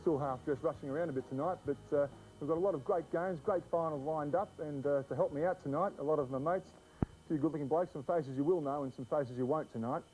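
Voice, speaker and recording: A man's voice: a little high, quick pace, darkish tone, faint music behind, rough recording. An Australian man hosting a casual TV chat at his house, joking with mates. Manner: joking, matey banter. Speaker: host.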